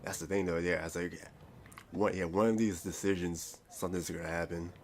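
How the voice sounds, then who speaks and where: A man's voice: sits low, level tone, fairly quick, gravelly, slight background noise. A man reading a visual novel aloud, rambling and stumbling over words with self-mocking asides. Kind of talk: reading a game aloud with commentary.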